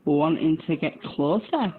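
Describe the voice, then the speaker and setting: A woman's voice: low voice, unhurried. A woman chatting and teasing friends over a radio channel, laughing often. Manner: giggly, teasing. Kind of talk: casual radio chat. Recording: tinny radio transmission.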